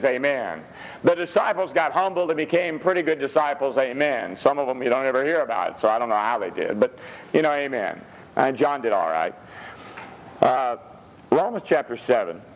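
A male pastor preaching a sermon in an animated way, dropping frequent amens. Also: a little high, lo-fi sound, slight background noise. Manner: animated, punctuates with "amen".

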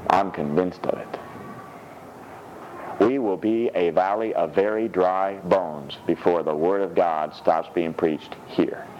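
A man preaching a sermon in a lively, humorous way, laughing often and slipping into high mock voices when he quotes scripture. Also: slow, muffled recording, slight background noise. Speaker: pastor.

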